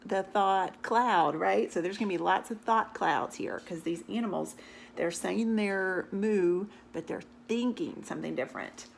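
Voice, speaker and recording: A woman teacher reading a picture book aloud to her class, animated and often stopping to ask the children questions. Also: medium pitch, a little slow, creaky, slight background noise.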